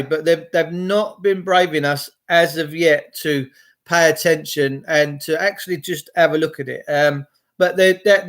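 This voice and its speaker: A man's voice: a little high, a bit bright. A middle-aged man from England, giving a rambling, profane, chatty monologue to his viewers. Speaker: video host.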